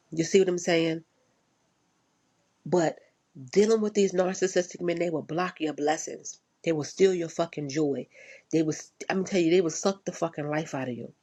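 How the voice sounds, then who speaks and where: A woman's voice: fairly low pitch, darkish tone, slightly rough. A woman ranting casually, blunt and profane, repeating herself for emphasis. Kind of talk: casual rant.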